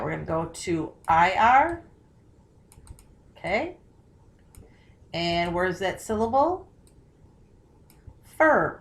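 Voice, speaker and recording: A woman teacher talks students through a spelling tutorial. She sounds out words slowly and carefully, breaking them into parts. She often stops to ask questions and check that they follow. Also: mid-range voice.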